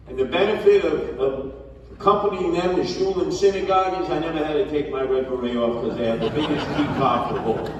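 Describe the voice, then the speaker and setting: A man's voice: fairly high pitch, a little hiss or hum. A man giving a blunt, emphatic campaign speech to a community gathering, scolding the crowd. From New York. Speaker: mayoral candidate. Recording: echoey hall from far off.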